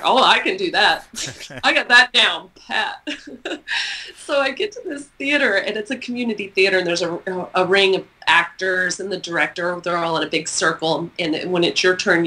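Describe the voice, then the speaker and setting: A middle-aged woman from Texas, telling a story as an interview guest, lively and expressive and laughing often. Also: on the low side, low-quality recording. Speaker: guest author.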